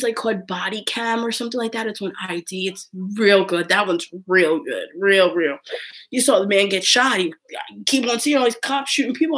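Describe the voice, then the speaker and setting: Chatty young woman with a high voice. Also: a bit bright. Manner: chatty, rambling, heavy use of "like", frequent laughs. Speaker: live stream host. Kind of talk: casual live-stream chat reading viewer comments.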